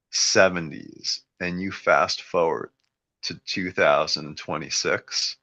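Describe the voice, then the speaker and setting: A man's voice: sits low, pushed and bright. A man hosting a podcast, rambling through opinions in casual chat. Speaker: podcast host. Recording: dull lo-fi sound.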